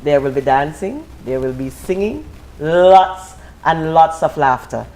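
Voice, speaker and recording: A woman guest, an actress, talking about her play in a lively, laughing way. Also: low-pitched, a little slow, rough recording. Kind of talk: casual TV interview chat.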